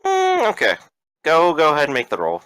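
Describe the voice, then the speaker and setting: A man running a tabletop role-playing game as game master, relaxed and joking, with many fillers. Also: fairly high pitch, brisk, clean tone, no room sound, rough recording.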